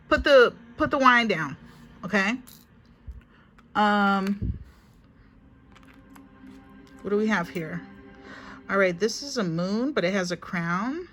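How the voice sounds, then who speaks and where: A woman's voice: mid-range voice, a bit bright. Chatty woman giving a spiritual reading. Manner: chatty, repetitive, emphatic, often addresses viewers as honey. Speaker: spiritual reader. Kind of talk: casual spiritual reading to camera. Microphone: phone.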